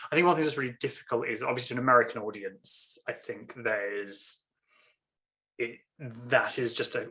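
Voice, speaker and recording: An Englishman with a near-RP accent talks with a bright, forceful edge. He rambles through his thoughts, restarts his sentences and drops in apologetic asides, like a guest in a casual conversation. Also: mid-range voice. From England. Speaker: author guest.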